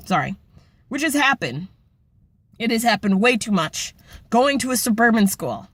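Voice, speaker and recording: A woman's voice: on the high side, very animated, moderate pace, pauses often, a bit bright. An impassioned young woman vlogging at home, talking straight to her camera with blunt, profanity-laden intensity. The sound is dry and close, with no room echo. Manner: impassioned, blunt, heavy swearing. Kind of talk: emotional personal vlog rant.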